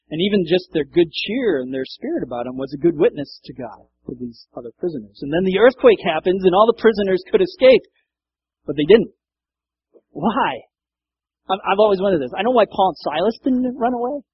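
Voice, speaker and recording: A man's voice: fairly high pitch, animated, brisk, breathy edge, lo-fi sound. A man preaching a sermon in a conversational way, acting out quoted lines and laughing now and then. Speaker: pastor.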